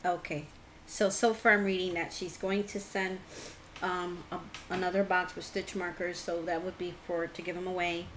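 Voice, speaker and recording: Woman crafting vlogger, low voice, slow gentle unboxing talk, faint fan hum behind. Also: flat delivery. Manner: slow, gentle, religious and thankful. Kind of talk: casual unboxing chat. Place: hot home room with a fan behind.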